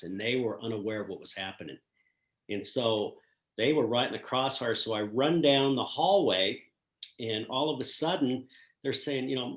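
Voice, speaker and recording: An older man and retired school principal telling a personal story in an earnest, reflective way with frequent pauses. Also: mid-range voice. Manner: earnest, reflective, pausing often. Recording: roomy echo.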